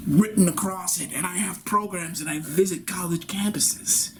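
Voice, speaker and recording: A man's voice: sits high, moderate pace, hardly any pauses. Man rambling through an improvised monologue, noisy recording. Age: adult. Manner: rambling, swings between loud bursts and soft whispers. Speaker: improv performer. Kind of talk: improvised theatrical monologue in character.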